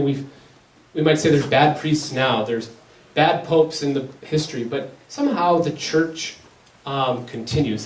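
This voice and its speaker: A man with a slightly high voice gives a rambling, conversational talk to a parish gathering. He tells stories loosely and trips over his own restarts. The recording catches him from a distance in a roomy, echoing hall. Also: a little mellow. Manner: casual, rambling storytelling with many restarts. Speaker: Catholic speaker. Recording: echoey hall, picked up from a distance.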